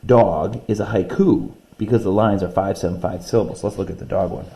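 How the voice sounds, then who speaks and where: In this recorded classroom reading lesson, a man with a warm, steady, lowish voice reads poems slowly and deliberately. He patiently explains them step by step and counts out syllables, with slight background noise behind him.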